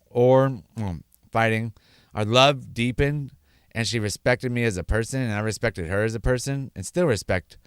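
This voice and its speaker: A man's voice: medium pitch, clear, resonant tone, no echo, clean studio sound. A man sharing his personal testimony, earnest and repeating words for emphasis. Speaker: speaker sharing his sobriety story.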